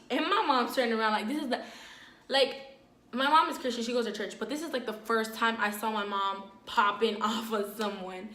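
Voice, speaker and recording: A woman telling a personal story in a casual, animated vlog, full of fillers and dramatic retelling. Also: a little high, normal speed, reverberant. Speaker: storyteller, vlogger.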